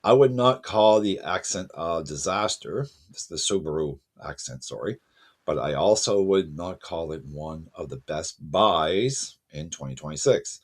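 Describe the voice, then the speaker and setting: Car channel host, man, very low husky voice, chatty and loose. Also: lively intonation, unhurried. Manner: conversational, self-correcting, addresses viewers as folks. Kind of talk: casual spoken commentary to camera.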